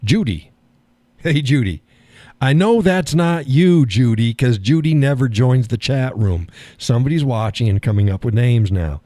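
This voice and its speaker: Older male stream host, folksy and wry, mellow tone, dead-dry close sound. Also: mid-range voice, animated, moderate pace, no echo. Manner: folksy, sardonic, chuckling often. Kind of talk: casual political chat.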